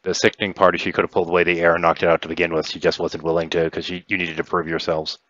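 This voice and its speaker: A man narrating a tabletop game as game master, in a relaxed, rambling way with fillers. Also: low-pitched, racing, no room sound, lo-fi sound.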